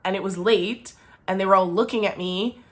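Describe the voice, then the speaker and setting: A woman's voice: mid-range voice, moderate pace, fairly bright tone. A young woman vlogger telling a storytime tale, chatty and indignant, full of "like". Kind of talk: storytime vlog.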